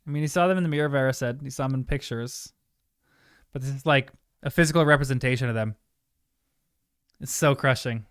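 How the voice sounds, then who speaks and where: A young man talking casually to his live viewers as he watches a film. His voice is gravelly and the sound is dry, with no room around it. He talks openly and emotionally, drifting into soft, rambling asides. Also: mid-range voice, a little fast, long pauses, no echo. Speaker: streamer watching a movie with chat.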